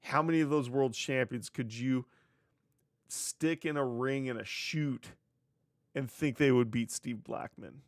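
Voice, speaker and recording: In dry, clean studio sound, a mid-range male voice carries a wrestling news podcast host's casual solo commentary. He chats on his own show with plenty of sarcasm and free swearing.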